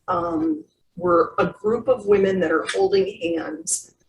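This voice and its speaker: A woman's voice: mid-range voice, sing-song, slow, gravelly, a little hiss or hum. Woman host, distant and echoey. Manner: warm storyteller who does voices for characters. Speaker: podcast host. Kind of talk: conversational interview.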